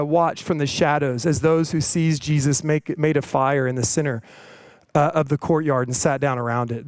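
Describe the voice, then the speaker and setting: A man's voice: on the high side, smooth, no room sound, poor audio. A man preaching a sermon in a casual, conversational way, often asking "right?" and acting out the voices in the stories he tells. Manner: conversational, tag questions, retells stories with quoted voices. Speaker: preacher and coach.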